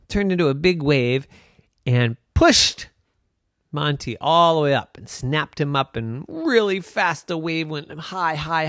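Man storyteller, slow unhurried pace, lively sing-song delivery. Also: on the high side, no room sound, clean studio sound. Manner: animated, playful storytelling. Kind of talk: improvised children's story narration.

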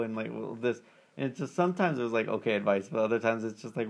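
A man tells a long, rambling story in casual chat, his voice carrying a gravelly fry. He leans on fillers and slips into the voices of the people he describes. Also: fairly low pitch, quick pace. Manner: rambling storyteller, many fillers, acts out quoted callers.

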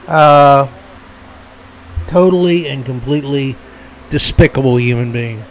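A man's voice: a little high, measured pace. A man hosting his own podcast, giving heated, indignant political commentary with frequent fillers and restarts. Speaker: podcast host.

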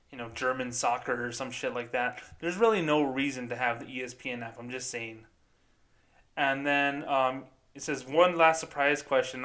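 A man's voice: medium pitch, fairly bright tone. A man hosting a podcast, ranting in a profane, sarcastic, mocking tone. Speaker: podcast host. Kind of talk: casual ranting commentary.

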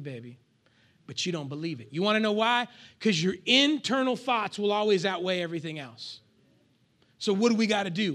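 A male pastor preaching a lively sermon to his congregation, with call-and-response and acted asides. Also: high-pitched.

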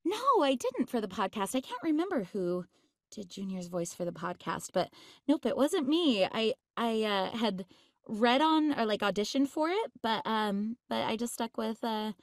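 A woman's voice: fairly high pitch, big pitch swings, moderate pace, no room sound, studio quality. A woman voice actress chatting in an interview, bubbly and laughing often, with many fillers. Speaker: voice actress guest. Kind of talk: casual interview chat.

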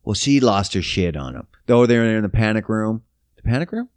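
A man rants in a casual, rambling way, swearing often and turning sarcastic. His pitch moves a lot. The recording is dry and close. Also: sing-song, a little fast, dry recording. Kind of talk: casual rant.

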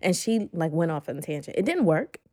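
Lively storytelling woman, dry close sound. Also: on the low side, brisk, no room sound. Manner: animated storyteller, acts out quoted voices. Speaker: podcast guest. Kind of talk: casual group chat.

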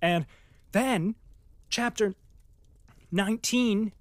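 An excitable, chatty voice of middling pitch that reads a passage from a classic novel aloud, then gushes about it with plenty of "like"s. The sound is dry and close, with no room around it. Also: drawn-out words, no echo. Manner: excitable, many filler "like"s, acts out its own reactions. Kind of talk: reading aloud, then casual book commentary.

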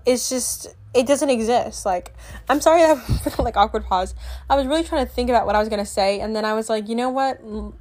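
A teenage girl talks casually to her viewers, her voice sitting a bit high. She rambles, stacks up fillers and keeps breaking off to restart her thoughts. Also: a little fast, a little mellow. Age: teens. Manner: rambling, chatty, filler-heavy with lots of "like"; self-correcting, trails off and restarts. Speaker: vlogger. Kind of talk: casual chat to camera.

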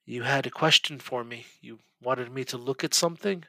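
A man voicing a gentle monk who speaks softly and reassuringly in a tabletop game. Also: mid-range voice, normal speed, creaky, dry recording. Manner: soft and reassuring.

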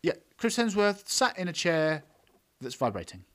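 A man's voice: a little high, sing-song, normal speed, a bit bright. A man hosting a podcast, reviewing a film in a blunt, sweary, scathing way and laughing often as his co-hosts interrupt. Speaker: podcast host. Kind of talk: casual film review chat.

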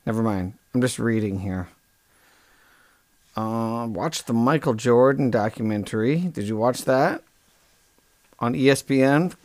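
A man hosting a comic podcast, rambling deadpan and correcting himself mid-sentence. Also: mid-range voice, unhurried, long pauses, dry recording. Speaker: podcast host.

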